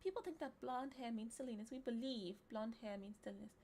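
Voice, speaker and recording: A woman streamer with a high, light voice chats casually as she reads quiz options aloud. She teases her viewers playfully and often slips into soft murmurs and whispers. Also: brisk, a little hiss or hum. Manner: playful and teasing, often breaking into giggles. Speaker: livestreamer. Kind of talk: casual livestream chat, reading quiz questions aloud.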